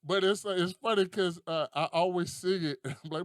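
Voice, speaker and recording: A young adult man hosting a casual podcast, telling stories in a profane, animated way and laughing often. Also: sits high, fairly quick, no room sound, clean studio sound. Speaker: podcast host.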